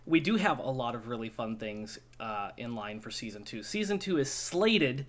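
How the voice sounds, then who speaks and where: Male game master, casual podcast; measured, explanatory; mid-pitched voice. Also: sing-song, fairly bright tone.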